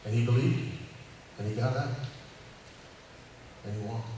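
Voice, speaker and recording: A man's voice: medium pitch, normal speed, mellow, slight background noise. Folksy male preacher, easygoing, repeats lines for emphasis; recorded far off in a reverberant hall. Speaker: cowboy church preacher. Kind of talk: informal sermon. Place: church hall. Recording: echoey hall, distant mic, faint ambience.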